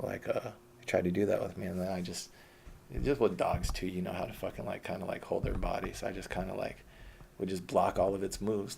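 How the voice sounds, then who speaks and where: Deep gravelly man rambling profanely. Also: a little mellow, a little hiss or hum. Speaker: storyteller recounting his life. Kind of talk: casual autobiographical monologue.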